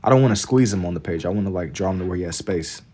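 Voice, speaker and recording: A man's voice: sits low, racing, warm tone. A young man from Kentucky chatting casually on a livestream while he draws, laid-back and slangy as he reads chat aloud. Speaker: livestreaming artist.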